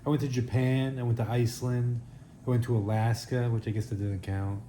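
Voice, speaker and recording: A man's voice: mid-range voice, flat delivery, fairly quick, background noise. A man leaving a casual, rambling message, correcting himself as he goes. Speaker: call-in segment guest. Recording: echoey room recording.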